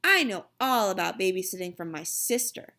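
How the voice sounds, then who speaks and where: A woman voicing a bossy know-it-all schoolgirl of about nine, shrill and taunting. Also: big pitch swings, moderate pace, bright, forceful tone. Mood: eager. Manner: shrill, taunting, sing-song.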